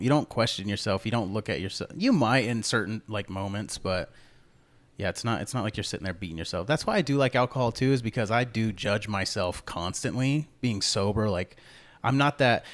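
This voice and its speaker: A man co-hosting a podcast, talking candidly and casually about himself. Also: on the low side. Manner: quick, candid, self-reflective, swears casually. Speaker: podcast co-host. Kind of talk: casual chat.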